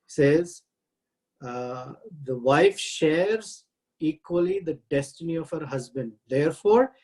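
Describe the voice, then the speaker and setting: A man teaching a scripture class, reciting Sanskrit verses and translating them with many halting pauses. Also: fairly high pitch, a little mellow, rough recording. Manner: halting, frequent "uh" pauses while explaining.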